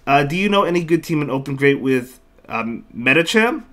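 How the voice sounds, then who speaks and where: A man live-streams and comments on his online battles at a normal speed, his fairly high, fairly bright voice full of lively intonation. Between moves he talks with viewers, reading chat aloud, thanking them, and often saying things twice.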